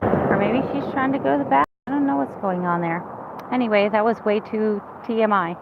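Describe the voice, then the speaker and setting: A woman in her fifties vlogs to her viewers in a candid, rambling chat to camera, restarting herself often. Her medium-pitched voice runs a little fast with some creak, and the phone-quality audio carries heavy background noise.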